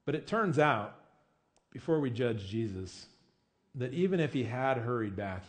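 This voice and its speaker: A man's voice: mid-range voice, animated, measured pace. A man preaching a sermon in a casual, conversational way, often asking his listeners questions. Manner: casual with frequent "I mean" and "you know". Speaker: pastor.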